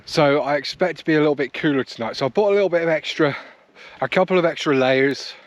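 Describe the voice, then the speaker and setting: A man's voice: fairly high pitch, quick pace, dry recording, dull audio. A man, chatting easily to the camera while walking on open moorland. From South West England. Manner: chatty, rambling, easygoing, talks to camera while hiking. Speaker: wild camping vlogger. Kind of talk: casual walking vlog commentary. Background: faint outdoor ambience.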